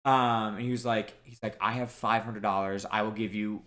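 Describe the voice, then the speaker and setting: A young man co-hosting a podcast, telling a story in animated, casual chat and quoting people as he goes. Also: lowish voice, normal speed. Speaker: podcast co-host.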